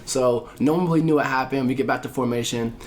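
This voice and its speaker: A man telling a story as a podcast guest in casual chat, animated and profane, acting out the voices of people he quotes. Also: mid-range voice, quick pace, a little hiss or hum.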